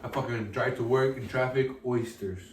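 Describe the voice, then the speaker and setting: A man's voice: mid-range voice, fairly even intonation, moderate pace, a little hiss or hum. A man co-hosting a podcast in casual comedic chat, crude and joking, swearing a lot. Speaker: podcast co-host. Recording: echoey room, mic at a distance.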